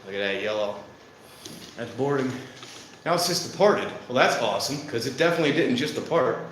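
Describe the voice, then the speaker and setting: A man out of breath after rushing to a station, chatting casually and rambling as he live-streams trains outdoors in the rain. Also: medium pitch, expressive. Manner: rambling, self-deprecating, thinking aloud. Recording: outdoor stream with clear background noise. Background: outdoor ambience, clear background noise.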